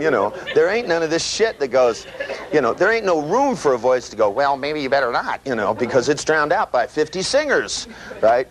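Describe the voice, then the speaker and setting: A man giving a live seminar lecture, animated and profane, acting out voices and sound effects as he teaches. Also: medium pitch. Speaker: seminar trainer. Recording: noisy live seminar recording.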